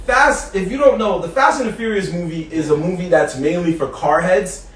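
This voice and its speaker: A man tells a story in casual podcast talk, fairly high-pitched and acting out every quote. He sits back from the mic in a roomy, echoing space with a faint hiss underneath. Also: normal speed, distant mic. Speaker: podcast co-host.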